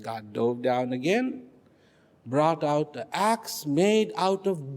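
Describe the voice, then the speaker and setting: A man telling a humorous story in a talk, in an animated way, recorded in a large hall. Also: a little high, slow. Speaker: speaker at a public event. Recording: long hall reverb.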